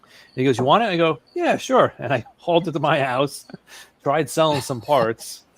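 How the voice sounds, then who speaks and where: A man telling a casual story as a guest, halting and repeating himself, laughing at his own tale. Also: fairly high pitch, fairly bright tone, dry recording.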